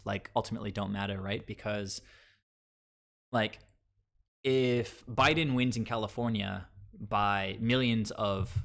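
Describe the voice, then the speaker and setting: A man's voice: fairly low pitch, fairly bright tone. A man from Long Island, New York, chatting casually with his live viewers as a streamer, rambling and filling gaps with um and like. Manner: rambling, heavy on fillers like um and like.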